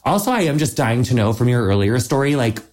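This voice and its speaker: A woman's voice: extremely low pitch, big pitch swings, quick pace, a little mellow. A woman hosting a podcast, chatting casually and gushing, filling her talk with "like" and the odd swear word. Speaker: podcast host. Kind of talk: casual interview chat.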